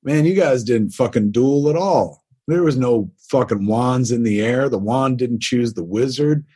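Husky man joking crudely on a podcast. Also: medium pitch, measured pace, mellow. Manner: profane, joking, laid-back. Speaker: podcast co-host. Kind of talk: casual podcast banter.

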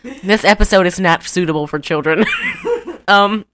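A woman chatting casually as a podcast co-host, retelling a cartoon with giggles and quick voice impressions. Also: lowish voice, background noise. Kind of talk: casual chat.

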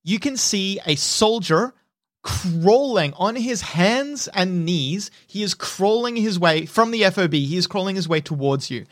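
Animated man running a tabletop game. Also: high-pitched, measured pace, no room sound, studio quality. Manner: vivid, animated narration with sound effects. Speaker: game master.

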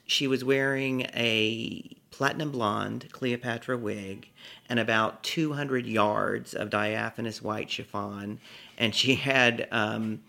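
A middle-aged man from Texas tells a personal story with a storyteller's flair. His voice is gravelly and sharp-edged. He savors each phrase and plays it for a laugh. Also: mid-range voice. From Texas, USA. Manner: lively, theatrical, savors words. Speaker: comedic storyteller, author. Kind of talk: vivid personal storytelling in an interview.

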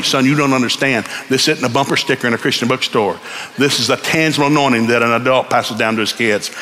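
A man preaching a sermon in a church, telling stories in an animated way and building up to shouts. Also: medium pitch, fast talker, slight background noise. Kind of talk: sermon with storytelling.

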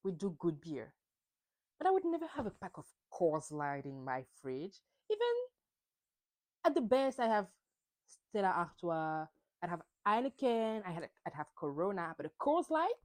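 Animated woman recapping reality TV. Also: on the low side, normal speed, no echo. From France. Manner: opinionated and animated, acts out quotes. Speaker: podcast host. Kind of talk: solo recap chat.

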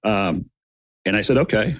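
A retired police officer, a middle-aged man with a fairly low voice, is a podcast guest telling a dramatic story. He speaks earnestly at a moderate pace, addresses listeners as "gentlemen," and repeats words while building to each point. The sound is dry and close, with no echo.

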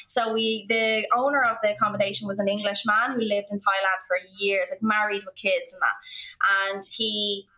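A woman's voice: medium pitch, flat delivery, normal speed, sharp tone. A young Irish woman telling a story as a podcast guest in a rambling way, full of "like". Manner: rambling, filler-heavy, lots of "like". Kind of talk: storytelling in casual conversation. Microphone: remote call. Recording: lo-fi remote call audio.

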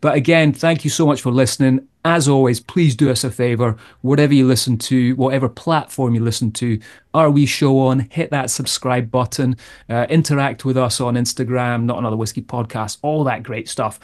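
A man's voice: mid-range voice, fairly even intonation, a little fast, darkish tone. A man co-hosting a podcast in casual chat, friendly as he wraps up the episode. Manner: friendly, wraps up the show with plugs. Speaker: podcast co-host.

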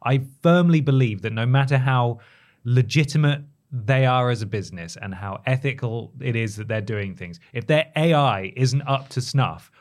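A man's voice: mid-range voice, moderate pace. A man hosting a gaming podcast, talking bluntly and dismissively in casual chat. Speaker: podcast host.

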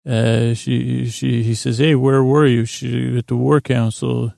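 A man with a heavily creaky, gravelly voice retells an episode in a rambling, unhurried way. His delivery stays flat and even, and he trails off into fillers as he goes. The sound is close and dry, with no room around it. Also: mid-range voice, no echo. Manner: meandering, loose retelling with many fillers. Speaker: podcast host. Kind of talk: rambling bedtime episode recap.

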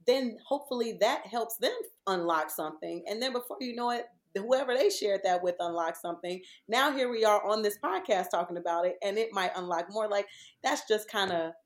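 A woman's voice: mid-range voice, a little fast. A woman in her thirties or forties, a podcast guest chatting casually and telling stories with lots of laughter. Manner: animated storyteller, laughs often.

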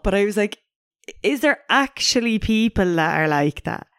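A woman's voice: medium pitch, expressive, normal speed, fairly bright tone, dry recording, studio quality. A woman co-hosting a podcast in casual chat, sharing facts she looked up and swearing now and then. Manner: chatty, swears casually, shares researched facts. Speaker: podcast co-host.

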